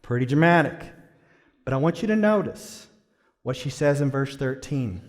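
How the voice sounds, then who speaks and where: A male pastor delivering a sermon, building from quiet to loud emphasis and questioning the congregation. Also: medium pitch, sing-song, normal speed. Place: church sanctuary. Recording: long church reverb.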